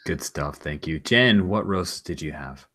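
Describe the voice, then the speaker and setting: A man's voice: very deep voice, lively intonation, a little slow, fairly bright tone. A man as game master, chatting casually after a tabletop session and handing out praise to his players. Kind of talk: casual post-game chat.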